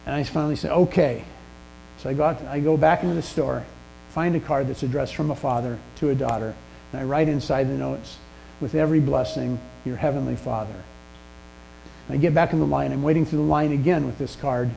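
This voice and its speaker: A man's voice: medium pitch, fairly even intonation, fast, creaky, dark tone, poor audio. A man preaching a sermon, telling a personal story in a conversational, self-deprecating way. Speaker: pastor. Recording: faint mains hum.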